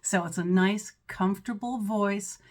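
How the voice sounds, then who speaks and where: A woman's voice: mid-range voice, unhurried. Encouraging woman voice teacher, mezzo-soprano. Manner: encouraging, often checking in with "right?" and "okay?". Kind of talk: instructional breathing lesson.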